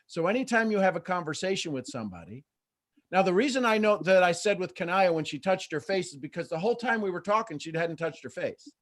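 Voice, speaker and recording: A middle-aged man hosting a live motivational coaching call, lively and acting out quoted voices. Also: sits high, fast. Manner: animated, acts out quoted voices. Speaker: host and coach.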